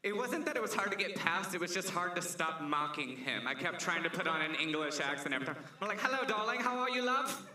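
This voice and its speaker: A man's voice: on the high side, quick pace, few pauses, sharp tone. A man coaching a contestant in a drag pageant, cheeky and profane, hyping up his contestant with pride. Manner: cheeky, profane, fiercely proud. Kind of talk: onstage interview answers. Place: bar or club stage with a crowd. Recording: echoey room, far from the mic, clear background noise.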